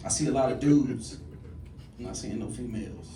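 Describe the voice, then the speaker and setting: A male stand-up comedian telling a story on a club stage, animated, jumping to loud high bursts on the punchlines. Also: moderate pace. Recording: echoey club, distant mic, audience noise.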